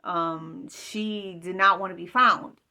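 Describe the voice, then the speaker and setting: Slow, bright-voiced woman telling a dream. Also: fairly low pitch, fairly even intonation. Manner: rambling, emphatic retelling of a dream. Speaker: vlogger. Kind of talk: casual storytelling.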